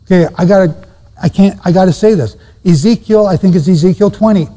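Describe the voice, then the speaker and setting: A man's voice: high voice, fairly quick, warm tone. A man teaching Bible prophecy to a live audience, emphatic, repeating key phrases and quizzing his listeners. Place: room with a seated audience. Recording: long reverb of a hall.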